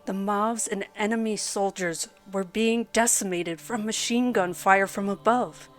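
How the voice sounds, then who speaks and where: A woman narrating a first-person horror story in a dramatic, measured storytelling manner. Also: mid-range voice, fairly even intonation. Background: soft background music.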